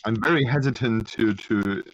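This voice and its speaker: A man joining a casual online chat as a guest, speaking in a halting, hesitant way. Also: on the low side, highs cut off, a little hiss or hum. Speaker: call guest.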